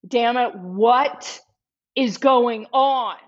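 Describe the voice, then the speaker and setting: A woman voicing an upset, indignant man complaining loudly at a meal. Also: a little high, drawn-out words. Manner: indignant outbursts. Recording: dull lo-fi audio.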